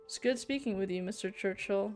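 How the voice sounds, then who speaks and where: A woman's voice: mid-range voice, a little fast, darkish tone, soft background music, lightly acted. A woman reading aloud the short, guarded replies of a wary fisherman in a story game. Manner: guarded, brief answers.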